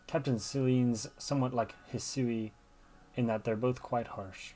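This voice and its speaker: A gamer gives chatty commentary while he plays, thinking out loud and reading the game's dialogue aloud. His voice is medium in pitch, slightly mellow, at a normal speed.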